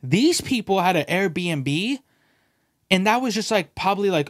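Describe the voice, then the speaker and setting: Man, podcast host, somewhat high voice, casual animated storytelling, profane, dry close sound. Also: moderate pace, dry recording. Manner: animated, profane, peppered with "bro" and "dude"; acts out quoted voices.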